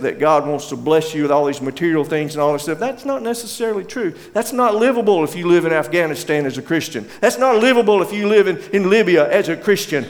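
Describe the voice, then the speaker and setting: Male pastor, sermon delivery, slightly high voice, reverberant sanctuary, hushes and slows for emotional passages. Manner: slows and drops to a hush for emotional quotes.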